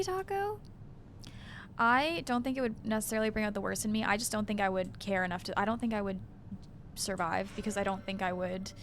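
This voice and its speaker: A woman's voice: mid-range voice, creaky, a little hiss or hum. A woman variety streamer chatting casually with viewers over a game, thanking them and rambling in asides. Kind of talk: casual live-stream chat over gameplay.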